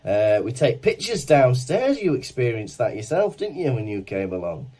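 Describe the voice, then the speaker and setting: A man, co-hosting a podcast and telling a lively anecdote in casual chat. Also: mid-range voice, normal speed. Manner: animated anecdote-telling with laughs and acted quotes. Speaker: podcast co-host.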